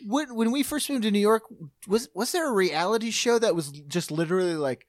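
A man's voice: high voice, a little fast, no echo, studio quality. A man chatting casually on a podcast, eagerly telling stories and laughing along. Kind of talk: casual chat.

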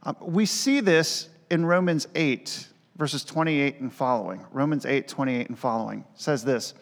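A man's voice: medium pitch, a little slow, creaky, hardly any pauses. Male pastor, sermon delivery, emphatic with casual asides, hall reverb.

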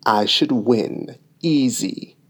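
A storybook lion, tired and half asleep, as a man reads him, yawning through slow, drawn-out words. The voice is low and lazy, each word dragged along at an unhurried pace. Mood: sleepy, languid. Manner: drawling, yawning between words. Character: weary sleepy male lion, deep and slow.

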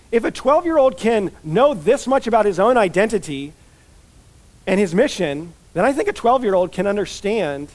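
Higher-pitched man preaching casually. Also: darkish tone. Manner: casual, chatty delivery with frequent "like" and "you know" asides. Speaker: pastor. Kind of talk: conversational expository sermon.

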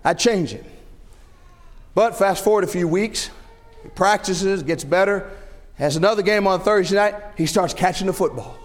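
A middle-aged man preaching a sermon, animated, asking rhetorical questions and acting out everyday scenarios. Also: high voice, moderate pace. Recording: long hall reverb.

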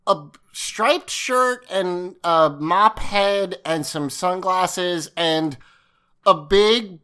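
A woman's voice: on the low side, extremely slow, a bit bright, smooth. Rambling woman podcast host. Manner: rambling, self-interrupting, swears casually. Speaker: podcast co-host recapping an episode. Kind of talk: casual chat.

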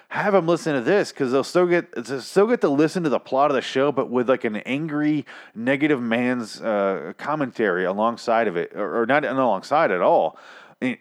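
A young man hosting a podcast, ranting in a profane, exasperated way while reviewing a TV episode, tired and achy after some whiskey. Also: mid-range voice. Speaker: podcast host.

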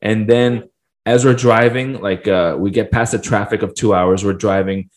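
A young man co-hosting a casual podcast chat tells a long, rambling story full of fillers and restarts. His voice is on the low side, fairly even in intonation, at normal speed.

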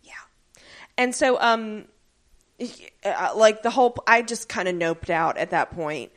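A woman's voice: medium pitch, unhurried. A woman co-hosting a casual recap chat, swearing freely and acting out characters' lines as she tells the story. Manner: animated, acts out characters' lines mid-story; swears casually, many fillers. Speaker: podcast co-host.

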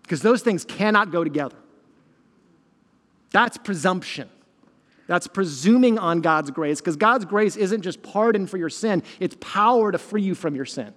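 A man with a high voice preaches from a church stage, his sermon ringing through a long hall reverb. He is a lead pastor who moves between teaching and animated stories, poking fun at himself along the way. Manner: animated storytelling with self-deprecating humor.

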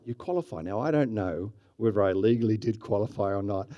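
A man's voice: lowish voice, fast talker, few pauses, mellow. A middle-aged man with an Australian accent, preaching a sermon in a conversational, storytelling way that rises in energy at times. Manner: conversational, with frequent restarts and rising bursts of energy. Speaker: pastor.

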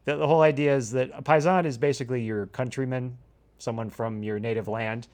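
A man's voice: mid-range voice, steady tone, fairly quick, a little mellow. A man co-hosting a casual podcast who playfully coaches his co-host on a word and laughs a lot. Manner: teasing, coaching pronunciation, frequent laughter.

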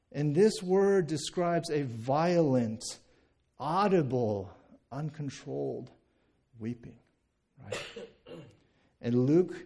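A man's voice: a little high, warm tone, slightly rough. A man in his thirties, a pastor from the United States, preaching a sermon in a conversational way, often repeating words and checking in with "right?".

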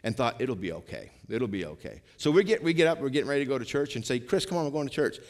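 A middle-aged man preaching to his congregation in a chatty style, full of asides and rhetorical questions, slowing and swelling when he reads scripture. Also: on the high side. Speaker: pastor. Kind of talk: sermon.

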